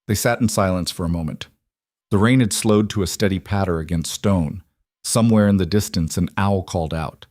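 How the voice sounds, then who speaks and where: A man narrating a romance fantasy audiobook in a steady, measured way. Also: low voice, no echo, clean studio sound.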